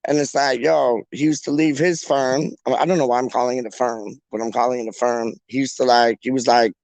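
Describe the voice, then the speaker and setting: A man's voice: medium pitch, fairly even intonation, a little fast, a little mellow, dry recording. A young man, hosting a fan channel live stream in a rambling, jokey, slangy chat.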